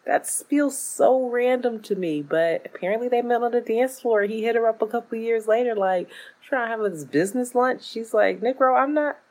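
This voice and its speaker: A woman co-hosting a podcast from home in casual chat, blunt and profane, acting out quotes in animated voices. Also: fairly high pitch, moderate pace, hardly any pauses. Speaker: podcast co-host. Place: at home, late at night.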